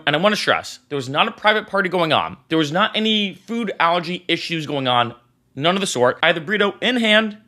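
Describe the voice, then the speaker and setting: A young man telling a story in a casual vlog, acting out the dialogue as he goes. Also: fairly high pitch. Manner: animated, acts out the dialogue. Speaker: vlogger.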